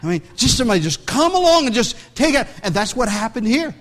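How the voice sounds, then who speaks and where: A male pastor preaching a sermon, his voice sitting high and moving in wide, animated swings. He reads scripture, then talks to the congregation in loose, chatty asides, often restarting his words. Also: fast talker. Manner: conversational, many restarts and asides.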